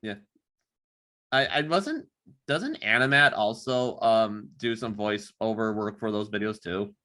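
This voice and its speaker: Bright-voiced man in halting chat. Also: on the low side, expressive. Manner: halting, full of ums and restarts. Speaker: podcast co-host. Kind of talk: casual chat.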